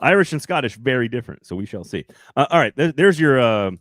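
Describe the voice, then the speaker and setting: A male sports podcast host talks in a chatty, rambling way, doubling back and restarting his sentences. His middle-pitched voice sits close to a dry, close mic. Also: big pitch swings, fast, a bit bright, no room sound. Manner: chatty, rambling, self-correcting. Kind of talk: casual sports talk.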